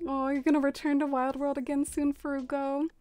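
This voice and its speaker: Young woman, live streamer, casual chat while gaming, soft-spoken, rambling, fillers, faint background music. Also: high voice, flat delivery, a little fast, no echo.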